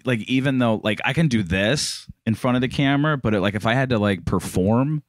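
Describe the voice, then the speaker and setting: A man's voice: mid-range voice, fairly quick, no room sound, studio quality. Rambling self-deprecating man. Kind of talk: casual storytelling.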